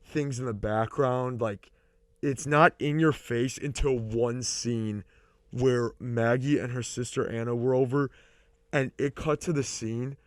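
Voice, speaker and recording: With a measured pace, medium pitch and fairly even intonation, a young male podcast co-host chats casually in a dry recording with clean studio sound. He rambles, leans on fillers and swears freely.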